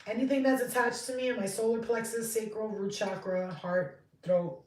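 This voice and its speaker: A woman in her thirties giving a casual tarot reading, chatty and rambling, swearing freely and getting excitable. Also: on the high side, moderate pace, distant mic. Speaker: tarot reader. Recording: roomy, off-mic sound.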